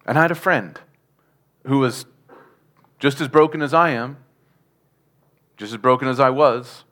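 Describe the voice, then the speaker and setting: A man's voice: medium pitch, unhurried, fairly bright tone. A man giving a sermon testimony, telling his story earnestly with chuckles and asking the congregation questions. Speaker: preacher.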